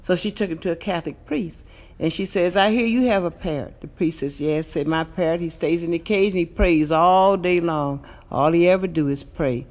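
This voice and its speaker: A woman's voice: lowish voice, normal speed, a little mellow. A brash woman comic working through raunchy jokes and bawdy verses with punchy, crude delivery. It is a stand-up album recording. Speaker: stand-up comedian. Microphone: comedy album recording.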